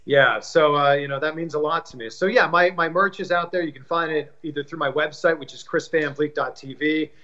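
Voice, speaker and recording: A man's voice: fairly high pitch, brisk, hardly any pauses, sharp tone, dull audio. A man from Canada talking about his work as a guest in a casual interview, friendly and upbeat. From Canada, suburb of Toronto. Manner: upbeat, self-promoting, friendly. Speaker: broadcaster and YouTube interviewer, guest.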